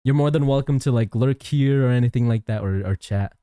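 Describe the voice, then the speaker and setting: A man's voice: mid-range voice, a little fast, dark tone, clean tone, no echo, studio quality. A young man chatting casually on a live stream as a VTuber, reading chat aloud and answering viewers with frequent restarts.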